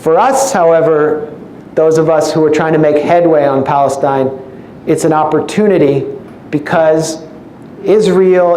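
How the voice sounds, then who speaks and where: A man's voice: on the high side, dark tone. A man giving a public lecture as an invited speaker, with a wry, sarcastic sense of humor. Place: lecture room with an audience. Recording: echoey room with faint noise.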